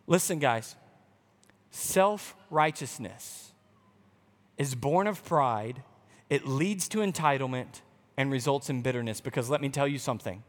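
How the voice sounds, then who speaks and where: A man's voice: high-pitched, fairly bright tone, long reverb tail. A man preaching a sermon as pastor in a church building, passionate and urgent, sometimes acting out a complaining believer.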